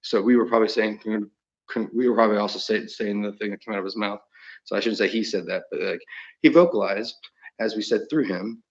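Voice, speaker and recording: A man's voice: on the low side, quick pace, dull audio. A man talking in a rambling monologue, chuckling often mid-sentence and trailing off into restarts.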